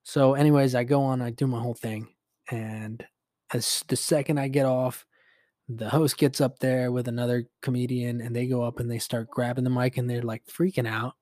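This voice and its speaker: A young man tells a story casually as a podcast host, swearing freely and leaning on fillers as he animates the retelling. His voice sits at an ordinary middle pitch, and the sound is close and dry with no room echo. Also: level tone, normal speed, warm tone.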